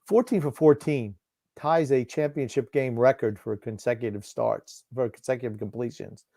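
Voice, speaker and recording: A gruff, blunt man co-hosting a casual college football watchalong, drifting into rambling asides. His voice sits at a middling pitch and sounds dry and close, with no room echo. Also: normal speed, warm tone. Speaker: podcast co-host called Grump. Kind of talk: casual game watchalong chat.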